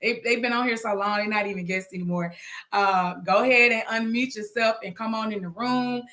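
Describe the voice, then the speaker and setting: A woman hosting a live-stream chat show, chatty and lively with frequent laughter. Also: on the high side, fairly quick. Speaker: host.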